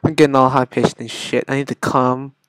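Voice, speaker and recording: A man doing gameplay commentary who shifts from low muttering to sudden shrieking outbursts, swearing often. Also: little pitch movement, fairly quick, a bit bright, clear, resonant tone, no room sound. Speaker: gamer.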